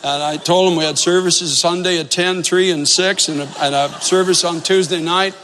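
Pastor, male, high voice, earnest storyteller, echoing sanctuary. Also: fairly even intonation, normal speed, a bit bright, a little hiss or hum. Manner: earnest storytelling, repeats phrases for emphasis. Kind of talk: sermon with storytelling.

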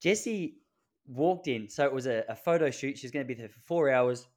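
A man with an Australian accent hosting a podcast, telling animated stories in casual conversation and acting out the people in them. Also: medium pitch, moderate pace. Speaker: podcast host.

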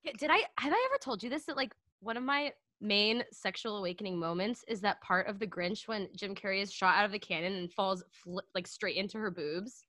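Woman, podcast guest, actor, casual chat, playful and joking, mid-pitched, dry close sound. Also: a little fast, few pauses, pushed and bright, no room sound.

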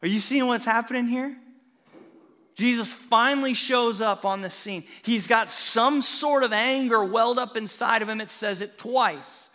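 Pastor, male, high bright voice, animated sermon storyteller, hall reverb. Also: unhurried. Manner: animated storytelling, swings from hushed to loud.

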